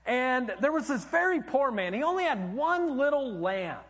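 A man's voice: extremely high pitch, very animated, moderate pace, fairly bright tone, pitched above the performer's own voice, full character voice. A man doing an earnest storytelling prophet. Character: solemn prophet telling a parable, adult man. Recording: long church hall reverb.

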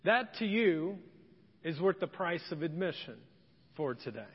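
A middle-aged man preaching a sermon as pastor, earnest and conversational, with dramatic pauses. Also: a little high, big pitch swings, breathy edge. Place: church sanctuary. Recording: dull, hall reverb.

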